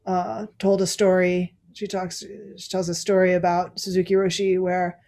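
A woman's voice: fairly low pitch, little pitch movement, normal speed, mellow. Reflective woman giving a dharma talk. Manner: reflective, laughs often, many fillers. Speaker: Zen teacher.

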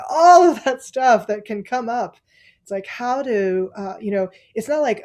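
A woman's voice: medium pitch, normal speed, darkish tone. A woman Zen teacher giving a dharma talk, reflective and laughing often between thoughts.

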